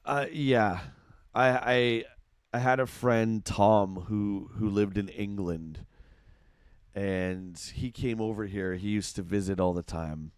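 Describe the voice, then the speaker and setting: A man's voice: fairly low pitch, steady tone, slow pace, clean tone, no room sound, studio quality. A middle-aged Canadian man with an Ontario accent, chatting casually on a live game stream, reading out chat and reacting to play. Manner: chatty, reads chat aloud, reacts to gameplay.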